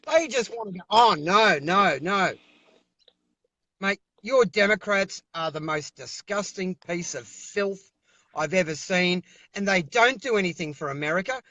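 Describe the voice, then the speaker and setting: A man's voice: high-pitched, expressive, normal speed, sharp tone, no echo. An Australian man speaking over a video call as an interview guest, giving fiery, emphatic political talk and repeating himself when worked up.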